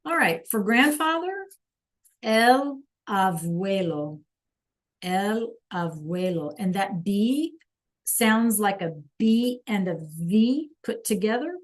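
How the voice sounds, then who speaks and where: A woman teaching a live online language class, slowly sounding out words for students to repeat and encouraging them by name. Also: medium pitch, sing-song. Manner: slow careful enunciation of words for students to repeat. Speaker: Spanish teacher.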